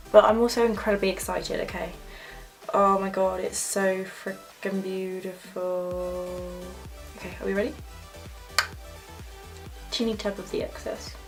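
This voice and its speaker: A young woman gushing excitedly while talking through a makeup tutorial. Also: mid-range voice. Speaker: makeup vlogger. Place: home filming setup with ring light.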